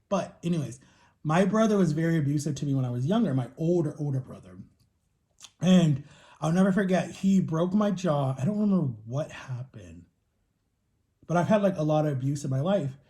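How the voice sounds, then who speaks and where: Guy in his 30s vlogging while he eats, kinda high voice but mellow, just rambles on telling stories. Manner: rambling, chatty storytelling. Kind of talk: casual chat to camera while eating.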